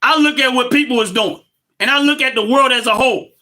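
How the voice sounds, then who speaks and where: A man, hosting a livestream and ranting about politics loudly and emphatically, repeating his points. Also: very high voice, fast. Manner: loud, emphatic and repetitive, laughs between points. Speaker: livestream host.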